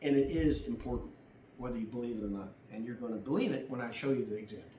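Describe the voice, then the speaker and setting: A man's voice: mid-range voice, quick pace, dark tone, a little hiss or hum. A middle-aged man giving casual driving advice, blunt and full of swearing as he walks through a demonstration. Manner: blunt and profane, acts out other drivers. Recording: echoey room from a distance.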